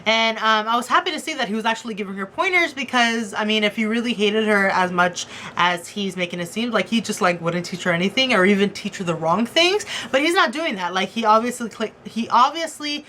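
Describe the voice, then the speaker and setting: A young woman chatting casually as she reviews a TV episode, excitable and gushing, with lots of "um" and "like". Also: medium pitch, a little fast, hardly any pauses, slight background noise. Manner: excitable, gushing, many fillers like "um" and "like".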